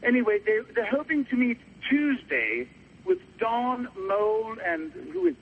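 A man voicing a fussy, theatrical, old-fashioned gentleman caller with affected phrasing on a comedy podcast. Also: very high voice, sing-song, measured pace, gravelly, full character voice. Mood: pompous. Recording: muffled phone line with faint hiss.

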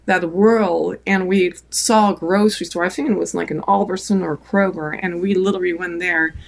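Gravelly-voiced French woman telling stories. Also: lowish voice, fairly even intonation, normal speed. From France. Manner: warm anecdotal storytelling with many fillers. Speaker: guest. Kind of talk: storytelling in a podcast interview.

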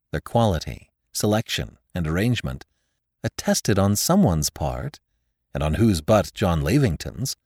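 A man narrating a classic story in a measured, expressive way. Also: on the low side, no echo, clean studio sound. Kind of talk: audiobook narration.

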